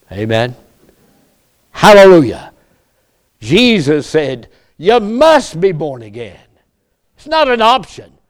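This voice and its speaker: Slow, resonant preaching man. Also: mid-range voice, clean tone. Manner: emphatic preaching with rhetorical questions, slow drawn-out phrases. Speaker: pastor. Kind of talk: sermon.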